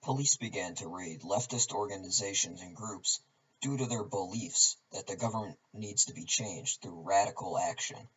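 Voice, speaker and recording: A man reading a scripted narration as a student narrator, in a flat, even, low-leaning way. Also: breathy edge. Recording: distant mic, dull and lo-fi.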